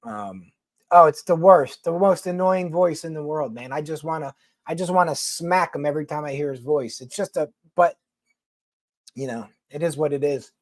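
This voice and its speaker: Talking at normal speed on a casual livestream, a man with a Philadelphia accent, from New York City, answers viewers while swearing freely and rambling from point to point in a blunt way. His voice is a little high for a man, and the recording is dry and close with no room sound.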